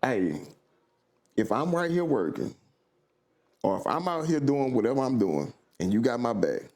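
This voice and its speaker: A man from Baton Rouge, a podcast guest telling stories with animated southern slang in casual conversation. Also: mid-range voice, normal speed. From Baton Rouge, Louisiana.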